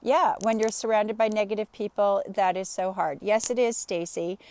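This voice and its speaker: A woman life coach on a live stream, telling an animated personal story and greeting viewers by name. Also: mid-range voice, normal speed, a little hiss or hum. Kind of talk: live-streamed motivational talk.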